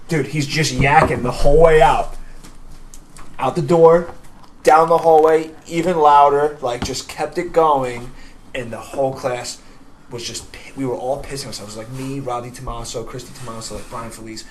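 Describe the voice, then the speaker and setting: A man hosting a casual podcast, telling a story in an animated, laughing, profane way. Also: on the high side, moderate pace. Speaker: podcast host. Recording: distant mic with background noise.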